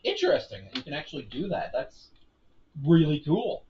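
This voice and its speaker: Streamer commentating their own racing run, animated and playful, on a muffled home mic. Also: medium pitch, moderate pace, distant mic, a little hiss or hum. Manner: chatty, narrates each move, silly asides. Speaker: game streamer. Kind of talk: casual live-stream commentary on own gameplay.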